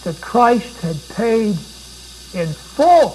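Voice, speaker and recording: A man's voice: sits high, very animated, very slow, dark tone, slight background noise, poor audio. A man preaching a sermon, dramatic and pleading, with repeated rhetorical questions.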